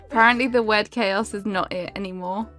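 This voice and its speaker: A woman's voice: mid-range voice, fairly even intonation, fast, bright, forceful tone, faint music behind. A young woman chatting casually on a live game stream, giggling and greeting viewers by name. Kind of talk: casual live-stream chat while gaming.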